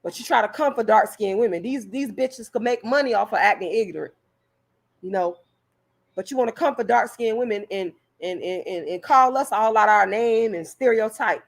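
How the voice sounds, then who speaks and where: With a gravelly, medium-pitched voice at normal speed, a woman vlogger addresses her viewers in a heated, profane rant. Repeated words trip her up as she pushes her point.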